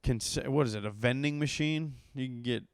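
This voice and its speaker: A comedian with a medium-pitched, clear, resonant voice hosts his own podcast, telling a rambling, profane story in a casual monologue and getting more worked up as it goes. He speaks at a moderate pace, and the sound is dry and studio-clean.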